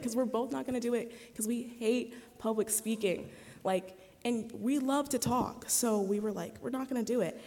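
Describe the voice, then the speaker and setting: A woman's voice: on the high side, normal speed, warm tone. A young woman of eighteen tells a personal faith story in a chatty, candid way, full of fillers and retold conversations. She speaks to a chapel audience. Her voice rings with the long reverb of the hall. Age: 18, young adult. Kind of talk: personal testimony talk.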